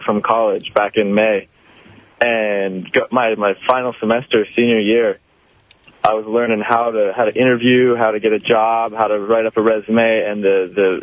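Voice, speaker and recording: Young man in his twenties, radio caller, relaxed, lowish voice, tinny phone-line sound. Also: no room sound. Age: 20s. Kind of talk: call-in talk.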